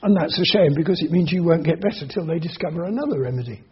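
A man preaching a sermon in an emphatic way, slowing down and repeating key phrases. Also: a little high, expressive, breathy edge. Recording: dull lo-fi sermon recording.

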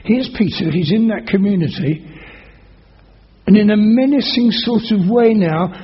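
A male preacher delivers a sermon, telling a scripture story with dramatic emphasis and loud quoted oaths. His voice sits fairly high. The recording sounds dull and lo-fi. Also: a little slow.

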